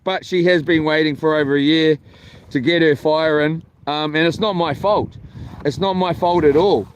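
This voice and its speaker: A man rambles through a casual camping-vlog story, often stopping and restarting his sentences. His voice sits a little high for a man. Faint outdoor noise runs underneath. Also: fairly even intonation, normal speed. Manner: chatty, meandering, frequent ums and restarts. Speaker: vlogger. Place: camping, near a boat on water.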